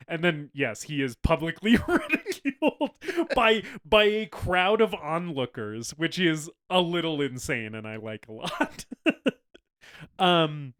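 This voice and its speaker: A man's voice: a little high, big pitch swings, measured pace, a bit bright. A man co-hosting a casual film podcast, retelling scenes with a lot of laughter, acting out characters' lines and swearing casually. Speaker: podcast co-host. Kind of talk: casual film-discussion chat.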